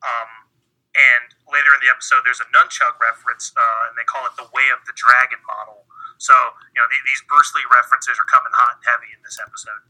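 A man's voice: mid-range voice, steady tone, fast talker, pushed and bright, rough recording. A man co-hosting a casual podcast, rambling with many fillers and restarts, now and then swearing. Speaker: podcast co-host. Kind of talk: casual chat.

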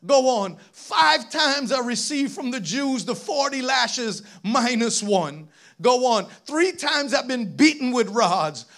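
A man preaching a sermon, reading scripture aloud and urging the congregation on, building to shouts. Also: extremely high pitch, lively intonation, takes it slowly. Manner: reads scripture aloud, asks congregation to read on, rising to shouts.

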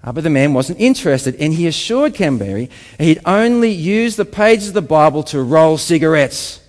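A man preaching a sermon to a congregation, emphatic, with rhetorical questions and quieter reflective passages. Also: on the high side, very animated, normal speed, in a large hall. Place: church hall with congregation.

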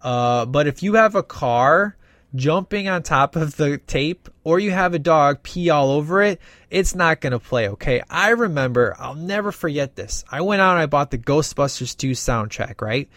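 A man's voice: on the high side, animated, normal speed, fairly bright tone, dry recording. A man casually reviewing a film in a rambling, enthusiastic way, with many fillers. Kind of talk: casual movie review monologue.

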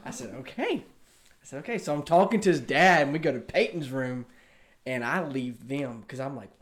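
A young man with a Southern US accent, a college student telling a story in casual chat, animated and acting out the dialogue. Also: mid-range voice, moderate pace. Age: young adult.

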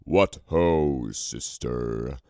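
A man voicing a boastful giant stone-scaled male ruler, slow and drawling, in a storybook reading. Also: extremely low pitch, darkish tone, dry recording, clean studio sound, heavily acted.

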